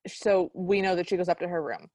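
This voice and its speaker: A woman's voice: on the low side, fairly quick, a little mellow, no echo. A woman co-hosting a podcast, recapping a movie in casual chat with a sarcastic, exasperated edge. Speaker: podcast co-host.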